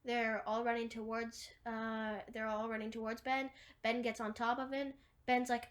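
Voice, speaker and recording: A woman's voice: fairly high pitch, little pitch movement, moderate pace, few pauses. A woman retelling a film scene by scene in a rambling, casual way, full of "like" and restarts. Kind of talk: casual movie recap.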